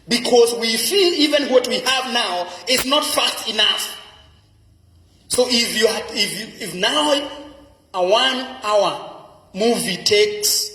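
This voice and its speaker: A man's voice: high voice, sharp tone. A man with a Kenyan accent preaching a sermon as pastor, emphatic and repeating key phrases for effect. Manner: emphatic preaching with dramatic repetition. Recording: echoey hall with long reverb.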